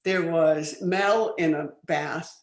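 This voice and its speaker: An older woman, a film producer, chatting as an interview guest, telling lively stories with many restarts. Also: deep voice, slow. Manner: lively anecdotal storytelling, frequent laughs and restarts. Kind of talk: casual interview chat. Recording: roomy studio sound.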